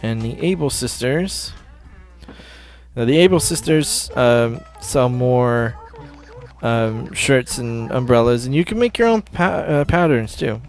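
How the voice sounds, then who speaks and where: A gameplay commentator with a mid-range, animated voice speaks slowly while casually remarking on a video game demo. He frequently fixes his wording mid-sentence, and faint game music plays in the background.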